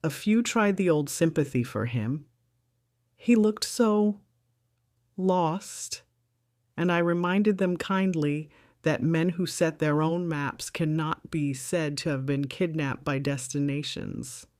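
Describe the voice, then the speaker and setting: A woman's voice: low voice, slow, darkish tone, no echo, clean studio sound. A middle-aged woman narrating her own story in the first person with a composed, wry, reflective delivery.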